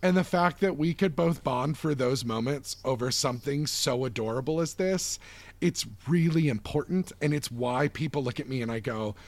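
A man in his thirties hosting a casual podcast chat, talking at length and telling stories in an animated, chatty way. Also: medium pitch, moderate pace, no room sound. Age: 30s. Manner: chatty, animated storyteller who acts out voices. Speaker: podcast host.

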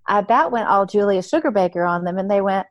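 A woman with a Southern US accent, a guest author on a podcast who chats warmly and tells stories. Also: mid-range voice, lively intonation, quick pace, no echo, dull audio. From American South. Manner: warm, chatty storyteller. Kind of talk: podcast interview.

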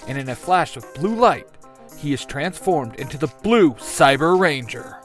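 A man narrating a fan audio drama in a steady, descriptive reading. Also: on the high side, normal speed, soft background music.

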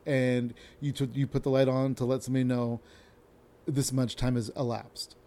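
A man's voice: medium pitch, flat delivery, moderate pace, dark tone. A young adult man hosting a podcast, telling a rambling, self-interrupting story with casual swearing. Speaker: podcast host.

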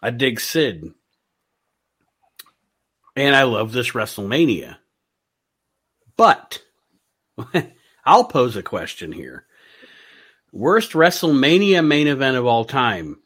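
A man's voice: medium pitch, big pitch swings, slow pace, long pauses, a bit bright, slightly rough. Enthusiastic laughing man on a podcast. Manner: laughing, enthusiastic, poses questions. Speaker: podcast panelist. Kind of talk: casual podcast chat.

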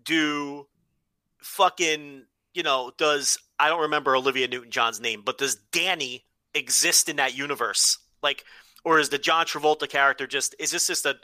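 A man's voice: fairly high pitch, normal speed, pushed and bright, no echo. A man co-hosting a podcast in loose, profane, joking chat. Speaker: podcast co-host. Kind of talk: casual chat.

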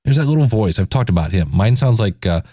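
A man's voice: lowish voice, lively intonation, fast talker, dark tone, no echo, studio quality. A man in his forties hosting a casual solo podcast, talking in a self-deprecating, joking way. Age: 40s. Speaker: podcast host.

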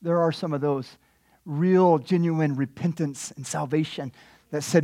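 A man preaching a sermon as pastor, telling a story with animated swings between hushed and loud delivery. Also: fairly high pitch, unhurried, no echo, studio quality.

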